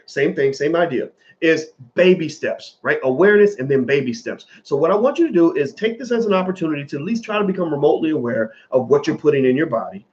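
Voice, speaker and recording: A man from the American South giving a casual, animated commentary monologue, swearing freely and repeating phrases for emphasis. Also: a little high, highs cut off.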